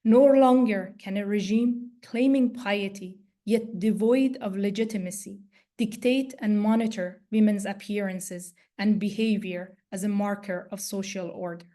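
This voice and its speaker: Hoarse-voiced woman reading a lecture. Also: medium pitch, fairly even intonation, dark tone. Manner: measured, clears throat often. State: voice going hoarse. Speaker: plenary speaker, law professor.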